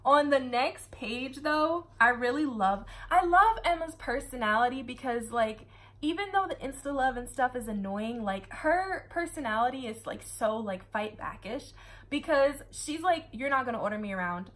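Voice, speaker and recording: A woman's voice: high-pitched, animated, a little slow, a bit bright. Chatty sarcastic woman book reviewer. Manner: chatty, sarcastic asides, frequent laughter. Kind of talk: casual book review chat.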